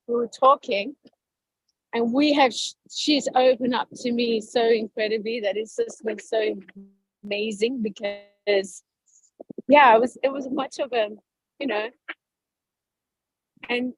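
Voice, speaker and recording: A fairly high-voiced woman hosts a casual group conversation over a video call. She talks in an effusive, animated rush full of fillers. Her voice is slightly husky and the sound is dry and close. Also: unhurried, no room sound, rough recording.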